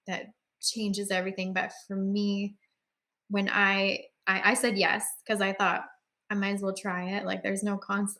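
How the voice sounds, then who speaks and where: A woman's voice: mid-range voice, a bit bright. A woman giving her personal faith testimony in a casual storytelling way, earnest and emotional, with many fillers and restarts.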